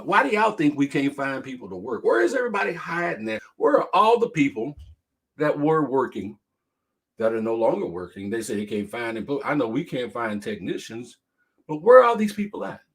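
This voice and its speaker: On his laid-back live-stream talk show, a middle-aged man speaks in a gravelly mid-range voice at a slightly fast pace. He spins lively stories, reads comments from viewers aloud, and breaks into big laughs.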